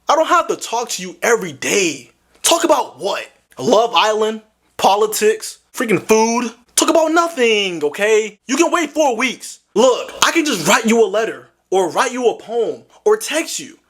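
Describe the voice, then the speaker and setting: A young man with a fairly high voice hosts a casual video game. His pitch swings widely as he talks. He is animated and slangy, and breaks into loud exclamations often. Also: normal speed. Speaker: gaming video host. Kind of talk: casual commentary to camera.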